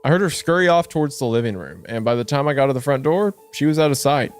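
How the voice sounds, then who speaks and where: A man co-hosting a horror podcast, trading jokes with quick laughs and dropping into a hushed voice to read the story. His pitch sits in an ordinary middle range. Soft music plays faintly under him. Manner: animated, laughs often, reads narration in a lower hushed tone. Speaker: podcast co-host reading a story. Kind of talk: casual horror podcast chat with story reading.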